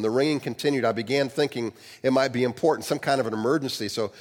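Man telling a testimony, animated. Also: medium pitch, fast, long reverb tail. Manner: animated, acts out the dialogue. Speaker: minister. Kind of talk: first-person testimony storytelling.

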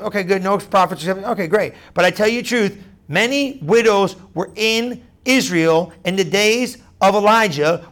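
A man with a notably high voice delivers a sermon. He talks casually and with energy, repeats his points and acts out the voices of doubters. He often checks that his listeners understand. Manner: animated, conversational, acts out crowd voices; repeats phrases, asks "you understand?". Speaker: preacher.

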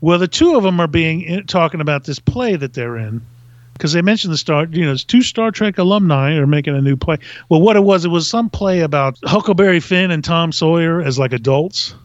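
Comic storyteller, man from Virginia, high voice, laughs a lot, dull dry lo-fi recording. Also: a little fast, no room sound. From Virginia, USA. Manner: animated, laughs through his stories. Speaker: podcast guest.

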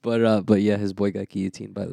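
A man's voice: fairly low pitch, fast, vocal fry, dry recording, clean studio sound. A man co-hosting a podcast, chatting casually and joking around. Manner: jokey, animated, slips into mock voices. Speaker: podcast co-host. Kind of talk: casual banter.

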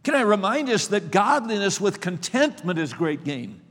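A male preacher with a high voice delivers a sermon at a slow, emphatic pace, often repeating the opening words of a phrase before he lands it. His voice rings out with a long reverb, as if filling a large hall. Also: sing-song, a bit bright.

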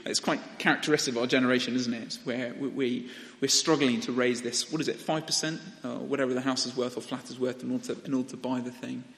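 A young man gives a sermon in a church hall, speaking straight to the congregation in a loose, conversational way. His voice sits at an ordinary middle pitch. Each phrase trails off in the hall's long reverb. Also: quick pace, hardly any pauses. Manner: conversational and animated, addresses the congregation directly. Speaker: preacher.

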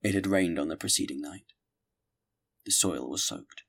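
A man reading a classic novel aloud as an audiobook, measured and steady. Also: low-pitched, gravelly. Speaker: audiobook narrator. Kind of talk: scripted audiobook narration.

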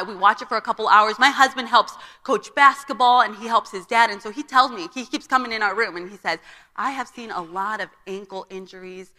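A young woman tells a personal story at a church gathering, slipping into the voices of the people she quotes. Her voice is bright and forward, pitched a little high. The sound carries a long hall reverb. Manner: storytelling, acts out quoted dialogue. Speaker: conference speaker. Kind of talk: personal testimony. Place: church auditorium.

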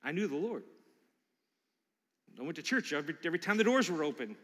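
A middle-aged man preaching as a pastor, telling personal stories in an animated way and acting out the voices in his anecdotes. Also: a little high, fast talker, slightly rough. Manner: animated, acts out quotes in character voices. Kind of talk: sermon with personal storytelling. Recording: long reverb of a large hall.

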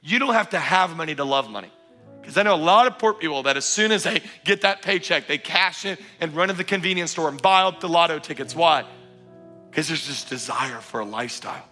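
A man's voice: on the high side, lively intonation, brisk, pushed and bright, soft background music. A man preaching a sermon at a church service, fervent and emphatic, urging his congregation again and again. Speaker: pastor.

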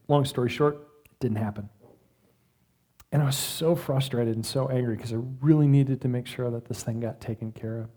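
A middle-aged man preaching a sermon in a conversational style, with dramatic pauses and moments of acted self-talk. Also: mid-range voice, warm tone. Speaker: pastor.

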